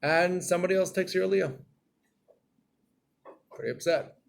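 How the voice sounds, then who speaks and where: A man giving a Torah class in a storytelling way, acting out scenes and getting loud and animated. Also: high-pitched, normal speed, gravelly.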